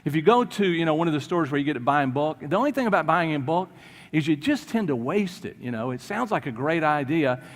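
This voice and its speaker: A man preaches to his congregation, telling the story with energy and slipping into quick impressions of its people. His voice sits a little high for a man. It rings with the long reverb of a church hall. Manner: animated storytelling, acting out quoted voices. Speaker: pastor. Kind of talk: sermon.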